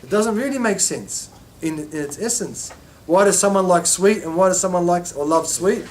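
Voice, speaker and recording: A man's voice: high voice, moderate pace, a little hiss or hum. A man teaching an informal religious lesson, telling stories and acting out quoted voices with many restarts.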